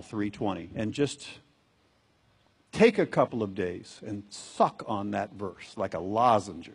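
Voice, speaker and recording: A man's voice: mid-range voice, slightly rough. A man preaching a sermon as a pastor, earnest and exhorting, repeating phrases for emphasis.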